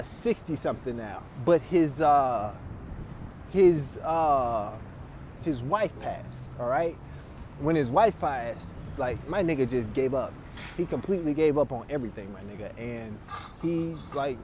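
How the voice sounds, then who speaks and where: A man's voice: fairly high pitch, a little hiss or hum. A man telling stories in casual, profane chat, laughing often. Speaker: podcast host.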